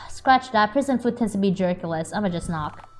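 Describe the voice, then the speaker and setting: A woman's voice: medium pitch, expressive, normal speed, soft background music. A young adult woman streamer, playful and giggly, talking casually and swearing as she plays and reads a game aloud. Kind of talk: casual game playthrough commentary.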